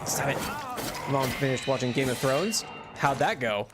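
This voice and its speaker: A man chats casually while streaming a game, rambling through fillers and restarts and laughing often. His pitch sits in the middle of the male range. Game music plays clearly behind his voice. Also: lively intonation, unhurried. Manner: yelps loudly at in-game mishaps. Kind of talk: casual live-stream chat.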